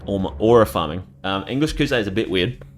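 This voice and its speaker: A man's voice: lowish voice, lively intonation, fast. A man giving casual gameplay commentary as a streamer, chatting in a rambling, casually profane way.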